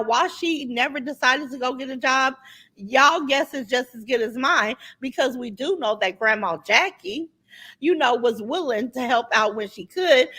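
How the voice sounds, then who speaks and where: Blunt, bright-voiced woman livestream host. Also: on the high side. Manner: blunt, chatty, reads viewer comments aloud. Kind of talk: casual livestream commentary.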